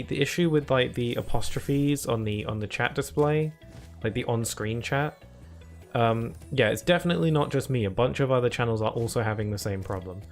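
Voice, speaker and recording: A man commentates his own live game stream in a relaxed, rambling way, chatting to viewers between moves. His voice sits at an ordinary middle pitch. Quiet game music runs softly behind him. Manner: chatty and rambling, talks to chat between laughs.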